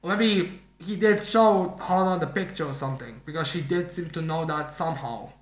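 A man's voice: a little high, normal speed. A man casually reviewing a manga chapter, rambling and thinking aloud as he goes. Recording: roomy echo.

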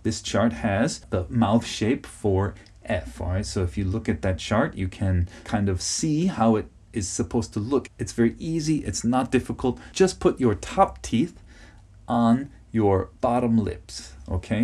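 Husky, mellow-voiced male teacher. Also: lowish voice, expressive, measured pace. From United States. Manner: patient, repeats key words, checks with "okay?". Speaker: English teacher. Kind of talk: podcast pronunciation lesson.

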